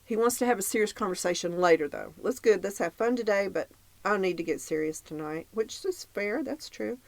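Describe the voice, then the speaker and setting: A woman co-host with a brisk, mid-range, slightly mellow voice recaps a dating show in casual podcast chat, recorded with no room sound. She reads out her notes and laughs often.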